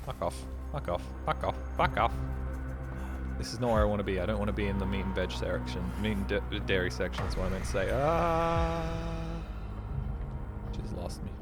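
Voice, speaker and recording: A man casually commenting while he plays a horror game live, rambling and joking, swearing and yelling at scares. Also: low voice, level tone, fast, music in the background. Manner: rambling, jokey, swears, yells at jump scares. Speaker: streamer.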